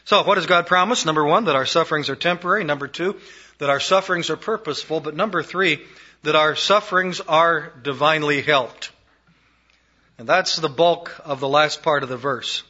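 A male preacher with a fairly high, strikingly bright and piercing voice delivers an emphatic sermon. He moves between raised declarations and hushed, low phrases. The recording sounds dull and lo-fi. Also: normal speed.

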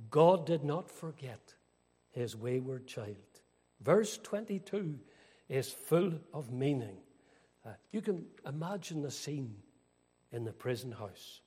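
Older man, preacher, earnest sermon, dramatic swells, breathy tone, echoing hall. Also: mid-range voice, a little mellow. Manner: earnest, dramatic rises and falls. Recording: long hall reverb.

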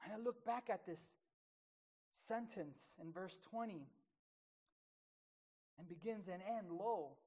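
A woman preaching a sermon, emphatic, dropping to a hush and rising loud again, slowing down on key words. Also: medium pitch, slightly rough.

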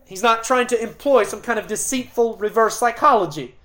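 A middle-aged pastor delivers an expository sermon with earnest emphasis, dramatic pauses, and occasional restarts. His male voice is extremely high in pitch and a bit bright.

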